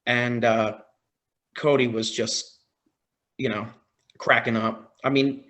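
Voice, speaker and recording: A man on a podcast as a guest, telling a story in a casual, excited way, often quoting his own reactions. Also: mid-range voice, takes it slowly. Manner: excited, retelling with quoted reactions.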